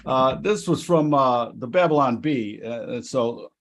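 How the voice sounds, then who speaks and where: A man's voice: medium pitch, a little slow. A man hosting a casual markets talk show, loose and rambling, laughing easily. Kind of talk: casual chat.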